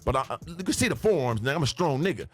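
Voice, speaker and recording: A man's voice: mid-range voice, sing-song, very fast. A man telling the story of his life as a podcast guest, with vivid, profane scene-by-scene storytelling and spoken sound effects. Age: older than the hosts. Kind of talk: animated storytelling.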